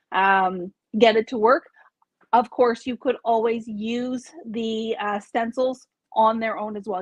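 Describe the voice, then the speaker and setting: Hosting a live craft store video, a Canadian woman chats and explains as she shows products, frequently correcting herself. Her voice is a little high, with no echo.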